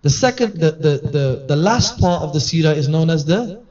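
Male religious teacher, earnest conversational sermon, mellow higher voice, miked from afar with muffled sound. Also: lively intonation, normal speed. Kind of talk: sermon-style reminder at a gathering. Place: gathering hall. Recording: distant mic, dull lo-fi sound.

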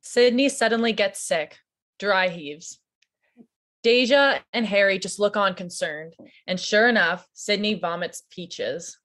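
Woman, stage directions, even matter-of-fact read, mid pitch. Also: measured pace.

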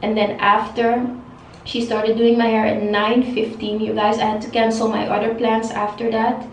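Young woman vlogger ranting, kinda high voice, keeps repeating how annoyed she is, echoey room and a bit far from the mic. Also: little pitch movement, normal speed, slight background noise. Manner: frustrated, repetitive, swears freely. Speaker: hair vlogger. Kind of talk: venting rant to camera. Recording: roomy echo, voice a bit off-mic.

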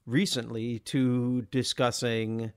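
A man's voice: mid-range voice, slow pace, clean tone. Enthusiastic man chatting about films. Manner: enthusiastic, laughs often, animated mimicry. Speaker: podcast co-host. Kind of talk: casual film discussion.

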